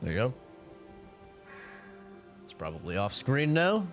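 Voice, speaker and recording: A man's voice: mid-range voice, wildly swooping pitch, a little slow, soft background music. A young man streaming a game from his home setup, chatting casually and rambling to his chat between fights. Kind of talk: casual live-stream commentary.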